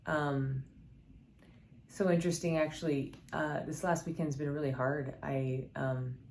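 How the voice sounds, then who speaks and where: A woman's voice: sits low, fairly even intonation, unhurried, vocal fry, darkish tone, a little hiss or hum. A middle-aged woman sharing personal stories alongside scripture, earnest and candid, with many fillers and restarts. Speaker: scripture storyteller. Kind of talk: personal devotional storytelling.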